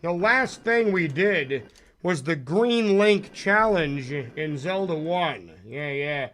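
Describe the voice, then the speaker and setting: A man's voice: on the high side, expressive, slow pace, fairly bright tone. A man live-streaming a game, chatting casually with viewers in a rambling, self-deprecating, jokey way. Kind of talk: casual live-stream chat while playing.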